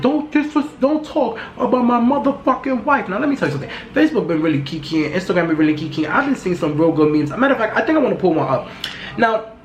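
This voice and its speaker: A loud, blunt woman with a low voice gossips and swears freely into her podcast mic in casual chat. The bare room makes her voice echo, and a faint hum of background noise runs underneath.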